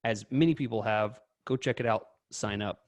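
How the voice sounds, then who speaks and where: Casting: low-pitched male podcast co-host, upbeat and chatty, close dry recording. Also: normal speed, no room sound, dull audio. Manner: upbeat, chatty, hesitant restarts. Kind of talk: casual podcast chat with ad reads.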